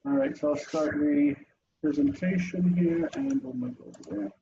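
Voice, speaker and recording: A man's voice: on the high side, sing-song, normal speed, vocal fry, muffled recording, noisy background. A man teaching an online language lesson over a video call, chatty and explanatory, with frequent ums and asides.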